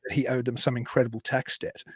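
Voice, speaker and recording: Quick aussie guy hosting a podcast, rambles on with lots of side tangents, dry close sound. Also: medium pitch, flat delivery, fairly bright tone, husky, dry recording. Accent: Australian. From Australia. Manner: rambling, trails off into asides. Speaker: podcast host. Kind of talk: casual podcast chat.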